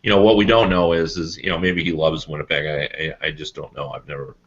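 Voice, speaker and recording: A man talking in a casual podcast chat, halting and filling with "you know". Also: very deep voice, flat delivery, a bit bright. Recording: dull lo-fi podcast audio.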